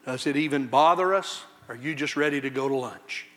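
Bright-voiced man preaching a fiery sermon. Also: fairly quick. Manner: impassioned preaching, swinging from loud high outcries to low quiet warnings. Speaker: pastor.

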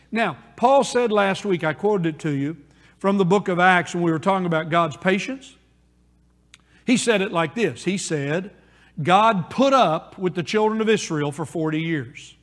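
A male pastor delivers a sermon to his congregation, hammering key phrases through repetition and drawing them out slowly for weight. His voice sits high for a man. The sound carries the long reverb of a church sanctuary. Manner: preaching with emphatic repetition and rising, slowing phrases.

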